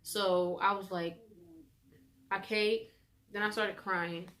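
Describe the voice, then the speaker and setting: A teenage girl telling a personal story in a chatty vlog, animated as she quotes the people involved. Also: medium pitch, slow pace. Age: teens. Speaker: vlogger.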